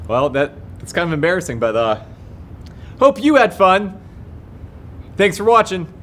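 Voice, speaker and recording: A man hosting a children's church show segment, animated and playfully bewildered. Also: sits high, takes it slowly, pauses often, a little hiss or hum. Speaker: kids' show host.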